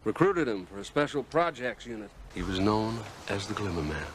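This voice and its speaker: An actor playing a corrupt former spy chief with a thick, exaggerated Southern drawl and a sly, slow delivery. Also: male voice, on the low side, very animated. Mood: storytelling. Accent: exaggerated American Southern. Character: corrupt older male ex-spy boss, drawling and smug. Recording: film clip with loud score and noise.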